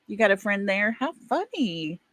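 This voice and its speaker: This livestream host, a middle-aged woman from East Texas, goes through viewer comments in casual, folksy chat, laughing frequently. She sounds very animated, with a mid-range, a bit bright voice at a moderate pace and no echo.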